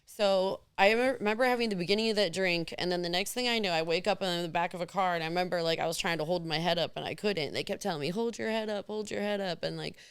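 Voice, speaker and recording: A woman in her thirties, a podcast guest telling candid stories in an animated way, acting out the voices of others. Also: lowish voice, quick pace, hardly any pauses, smooth, no echo. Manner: animated, acts out quoted voices. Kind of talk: candid storytelling.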